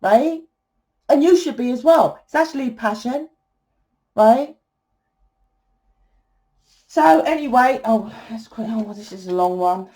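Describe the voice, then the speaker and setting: A woman's voice: fairly high pitch, unhurried, pauses often, warm tone. A woman giving a tarot reading in a fiery, blunt monologue, swearing freely and asking "right?" often. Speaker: tarot reader.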